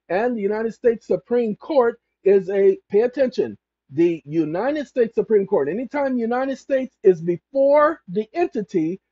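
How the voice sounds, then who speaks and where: A commentator reads passages aloud and breaks off again and again to repeat points and correct themselves. The voice is husky and mellow, and the pitch swings widely. It sounds dry and close, with a dull lo-fi tone. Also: no room sound. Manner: emphatic and repetitive, corrects self mid-sentence. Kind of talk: rambling legal commentary reading aloud. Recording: dull lo-fi recording.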